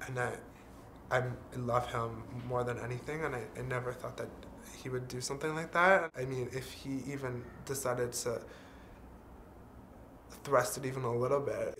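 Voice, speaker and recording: Bright-voiced man, candid confessional talk. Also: mid-range voice, slight background noise. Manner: candid and earnest, drops swear words. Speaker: vlogger. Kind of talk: confessional vlog monologue.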